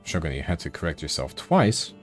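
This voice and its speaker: A man's voice: extremely low pitch, very animated, brisk, faint music behind. A man streaming while he draws, chatting casually and swearing offhandedly. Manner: laid-back, swears casually. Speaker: art streamer.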